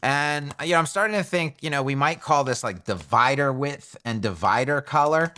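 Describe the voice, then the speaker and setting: Bright-voiced man thinking aloud. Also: mid-range voice, moderate pace. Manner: thinks aloud, chatty and self-correcting. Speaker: web design tutor. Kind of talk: screen-recorded coding tutorial.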